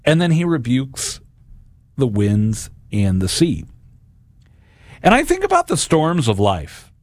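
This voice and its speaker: A man's voice: medium pitch, huge pitch swings, slow, a little mellow, no echo. A man in his forties giving an earnest, conversational reflection on the gospel, often repeating words as he talks.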